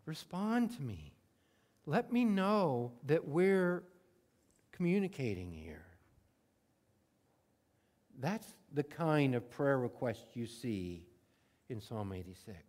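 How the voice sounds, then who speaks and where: A man preaching a sermon in a conversational way, acting out prayers in everyday words and moving between emphatic bursts and hushed moments. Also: medium pitch, big pitch swings, slow pace, pauses often. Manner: conversational, swings from loud emphatic to soft and hushed. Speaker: pastor.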